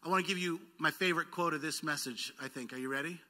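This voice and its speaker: A man preaching a sermon as pastor, coaxing call-and-response from his congregation. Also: a little high. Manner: lively, quick bursts then slowed words. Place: church sanctuary.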